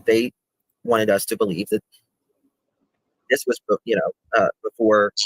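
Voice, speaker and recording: A man explaining a video on a call, halting and restarting as he walks through the footage. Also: fairly low pitch, steady tone, dry recording, poor audio. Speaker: guest presenting a video.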